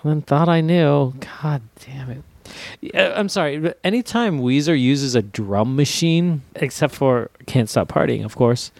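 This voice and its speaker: A man's voice: on the high side, lively intonation, measured pace, creaky, no room sound. A man co-hosting a podcast in casual chat, swearing freely and laughing often. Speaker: podcast co-host.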